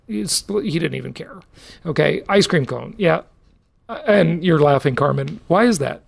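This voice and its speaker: A middle-aged man hosts a podcast in a casual monologue. His voice swings widely up and down and has a gravelly edge. He talks in an emphatic, salesy way. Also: a little high, animated, a little slow. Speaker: podcast host.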